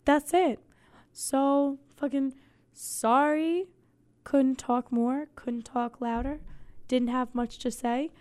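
A woman hosting a podcast in casual chat, her voice soft and fading, rambling and swearing with deadpan jokes. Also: sits high, takes it slowly. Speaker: podcast host.

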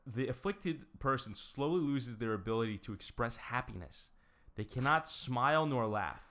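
Brief: average-pitched guy reading quiz clues, stumbling, giggly. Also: lively intonation, fairly bright tone. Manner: reads clues slowly, giggles, stumbles over words. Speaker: quiz host of a guessing game. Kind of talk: casual chat.

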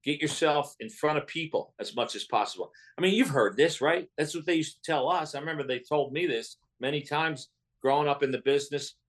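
A man's voice: a little high, fairly quick, a bit bright. A middle-aged man, a comedian guest, telling stories in a chatty way with frequent restarts. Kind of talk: casual interview storytelling.

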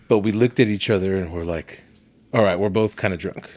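A man's voice: sits low, normal speed. A man in casual podcast chat, telling profane stories with frequent laughter. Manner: profane storytelling, laughs often, animated.

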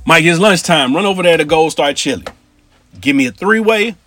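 A man doing his brisk older grandfather. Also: fairly high pitch, expressive, sharp tone, dry recording. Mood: ordering. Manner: matter-of-fact orders. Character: older grandfather, brisk shop owner handing out errands.

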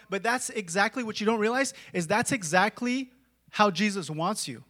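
A man preaching a sermon in a conversational way, full of "like" and "right?", dropping to a hush and then rising to shouts. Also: high voice, expressive, moderate pace. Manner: dramatic swings from hushed to shouting.

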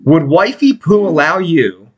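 A man co-hosting a podcast, joking crudely and mimicking people in squeaky voices. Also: very animated, unhurried, husky, highs cut off. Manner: jokey, mimics others in high voices. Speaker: podcast co-host. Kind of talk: crude casual banter.

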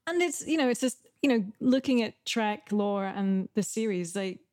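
A woman co-hosting a podcast, chatting in a relaxed, thoughtful way with trailing asides. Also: medium pitch, normal speed, no echo, studio quality. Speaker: podcast co-host. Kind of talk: casual chat.

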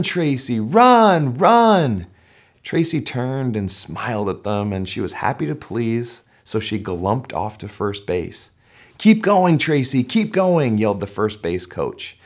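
A middle-aged man preaching a sermon and telling a story. His voice sits a little low, but it jumps up into loud shouts whenever he acts out the cheering crowd. The storytelling is animated and full of momentum. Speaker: pastor.

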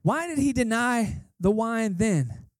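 A man's voice: extremely high pitch, lively intonation, slow, no room sound, clean studio sound. A man preaching as a guest pastor, casual and storytelling, who repeats phrases for emphasis. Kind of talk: conversational sermon. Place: church service.

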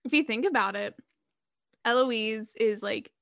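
A young woman co-hosting a podcast in casual chat, animated and laughing, acting out her own reactions. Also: on the high side, a little slow, vocal fry, no echo, studio quality. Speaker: podcast co-host.

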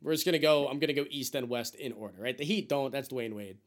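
A man co-hosting a sports podcast, talking in an animated, casual way that swings between loud bursts and low asides. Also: fast talker. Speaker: podcast co-host.

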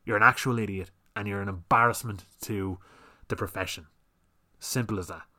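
A man's voice: on the low side, steady tone, normal speed, sharp tone. A man hosting a solo podcast, ranting in a heated, sweary, exasperated way. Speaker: podcast host. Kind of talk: solo opinion rant.

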